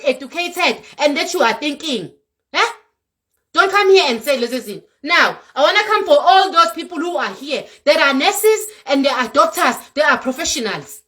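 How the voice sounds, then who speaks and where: A South African woman vlogger scolding her viewers, lively and animated, dropping Zulu words into her English. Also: high voice. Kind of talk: ranting to viewers. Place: home in Europe.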